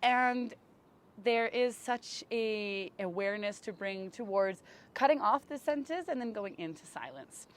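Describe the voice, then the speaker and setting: A woman yoga teacher giving slow, gentle, soothing cues for poses and breathwork, recorded outdoors on a camera mic. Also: mid-range voice, animated. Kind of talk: guided yoga and breathwork instruction. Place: outdoors in bright sun.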